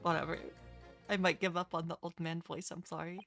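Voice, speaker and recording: A woman's voice: fairly low pitch, little pitch movement, fairly quick, gravelly. Casual woman livestreamer, self-deprecating, lots of fillers; faint game music underneath. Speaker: streamer. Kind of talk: casual live-stream commentary while reading game dialogue.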